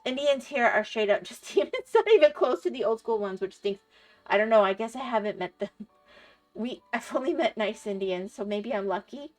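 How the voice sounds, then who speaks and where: A woman's voice: on the high side, animated, normal speed. Middle-aged woman rambling on stream, laughs a lot, chatty, bit of music behind. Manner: rambling, chatty, laughs often, answers chat. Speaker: livestreamer. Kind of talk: casual chat while gaming.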